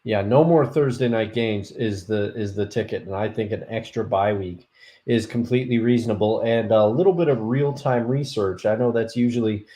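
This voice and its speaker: A man co-hosting a live sports talk show, joking and laughing often, quick to poke fun at himself. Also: lowish voice, mellow. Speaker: podcast co-host.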